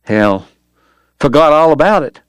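A man voicing a gruff frontier lawman who speaks bluntly in short phrases. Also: fairly high pitch, animated, measured pace, no echo, studio quality, pitched above the performer's own voice. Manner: blunt, clipped.

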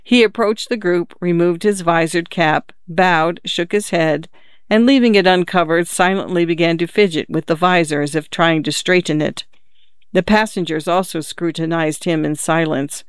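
A man's voice: fairly high pitch, clean tone, dry recording, studio quality. A man narrating a classic story aloud, reading steadily and giving the characters light voices. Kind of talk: audiobook reading of classic fiction.

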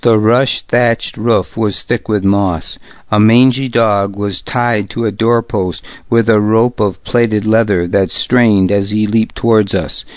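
A man reading a historical novel aloud as a narrator, in a measured, steady way. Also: on the low side, no room sound, highs cut off. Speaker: audiobook narrator. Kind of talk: scripted narration.

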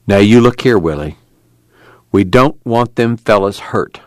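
A man's voice: lowish voice, lively intonation, unhurried, dry recording. A man doing a stern, worried Okie camp leader. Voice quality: earnest, pleading, rural grammar.

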